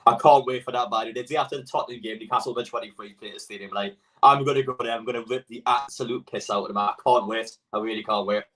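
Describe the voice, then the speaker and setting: A man's voice: medium pitch, fairly even intonation, racing, few pauses, fairly bright tone, far from the mic, a little hiss or hum, rough recording. A young man live-streaming his reaction as a football fan, talking bluntly, swearing freely and reading out chat messages.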